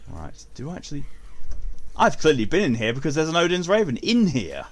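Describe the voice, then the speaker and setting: A man's voice: a little high, wildly swooping pitch, brisk, a little hiss or hum. Laid-back man streaming a game. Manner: laid-back, swears casually. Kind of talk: casual gameplay commentary.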